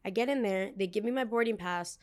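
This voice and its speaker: A young woman from New hosts a podcast. She tells a story in a casual, animated way and acts out the people she quotes. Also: mid-range voice, brisk. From United States, New York. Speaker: podcast host. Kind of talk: storytime chat.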